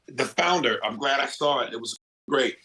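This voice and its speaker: A man's voice: mid-range voice, moderate pace, sharp tone, rough recording. A man co-hosting a casual podcast, passing recommendations to listeners with wry asides. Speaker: podcast co-host.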